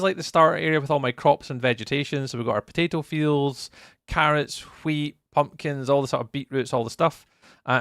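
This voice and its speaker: A man's voice: a little high, creaky, a bit bright, no room sound, studio quality. A Scottish man chatting casually with viewers while commentating a live game stream. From Scotland. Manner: friendly, chatty, greets viewers by name.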